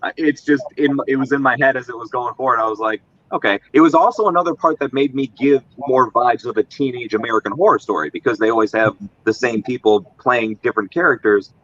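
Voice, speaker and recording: An excitable man talks through a film on a casual live stream, emphatic and prone to repeating himself. His voice is bright and forceful. The sound is close and dry, with a slightly dull lo-fi edge. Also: mid-range voice, fast talker, few pauses, no room sound. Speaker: film discussion panelist.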